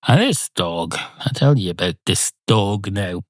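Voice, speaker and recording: A man's voice: on the low side, expressive, a little slow, no echo. Man, podcast host, comic monologue, playful, self-interrupting, swears, dry sound.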